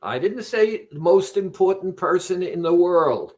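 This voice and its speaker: A man talking as a weight-loss coach, slowly and deliberately retelling a conversation with a client. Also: sits high, expressive. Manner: slow, deliberate, retells conversations with quoted dialogue. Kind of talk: reflective monologue.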